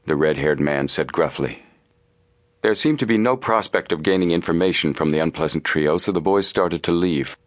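Deep-voiced man narrating an audiobook. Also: moderate pace, dry recording, clean studio sound. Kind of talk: scripted narration.

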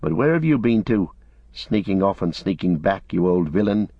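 A man's voice: low-pitched, animated, moderate pace, gravelly, breathy edge, no room sound, heavily acted. A man playing a loyal, plain-spoken male hobbit servant with homely, rustic turns of phrase, on a dull lo-fi recording. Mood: rough.

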